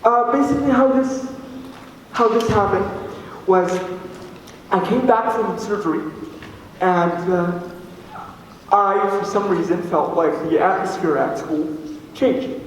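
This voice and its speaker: High-voiced teen boy in an echoey hall. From Alberta, Canada. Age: teens. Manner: earnest, halting, with many fillers and restarts. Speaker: student speaker. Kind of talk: personal story told to an audience. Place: large hall with an audience. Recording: echoey hall from far off, faint noise.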